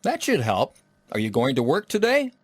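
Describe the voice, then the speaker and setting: A man reading lines of a scripted practice dialogue, clear and slow. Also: mid-range voice, wildly swooping pitch, dry recording.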